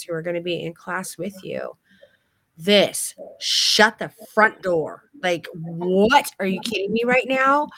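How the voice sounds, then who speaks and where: A woman's voice: medium pitch, fairly bright tone, no room sound. Brief: woman instructor, effusive and gushing, live-stream critique, close dry mic. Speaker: photography course instructor.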